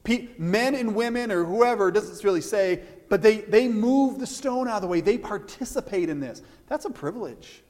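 Man, pastor, high voice, animated sermon, frequent restarts, long hall reverb. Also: normal speed, few pauses. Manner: animated preaching with many restarts and acted-out quotes.

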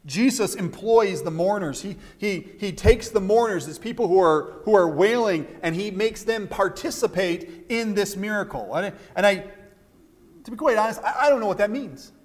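A pastor delivers a sermon in a high, lively voice. He repeats words as he restarts, and he acts out quoted lines with energy. His voice carries a long reverb from the hall. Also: moderate pace. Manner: animated preaching with many restarts and acted-out quotes.

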